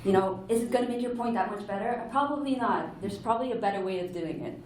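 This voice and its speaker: A woman's voice: medium pitch, fast, a little mellow. Woman, conference speaker, earnest explainer, echoey hall, distant mic, faint room hum. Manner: earnest, explanatory, with self-corrections. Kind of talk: conference talk. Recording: echoey hall, heard from afar.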